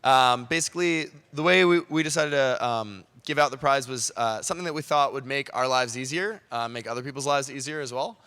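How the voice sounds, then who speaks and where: Man, prize announcement, hesitant, smooth bright voice. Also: medium pitch, brisk, hardly any pauses. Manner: hesitant, many fillers. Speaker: sponsor representative announcing prizes. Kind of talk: speech to a crowd.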